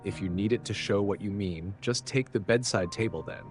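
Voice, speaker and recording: Audiobook part: a weary, half-amused young woman, voiced by a deep-voiced male reader, faint music under. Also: a little fast, natural voice. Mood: weary teasing. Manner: tired, half-amused, scolding. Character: weary young woman lodger, teasing then anxious.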